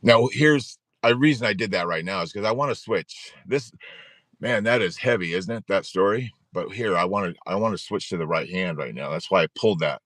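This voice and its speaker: A man in his forties with a low voice hosts a live-streamed support talk. He is earnest and repeats himself for emphasis, with frequent little chuckles. The sound is dry and close. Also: a little fast, a bit bright, no room sound. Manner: earnest, repetitive, chuckles often. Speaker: support group host.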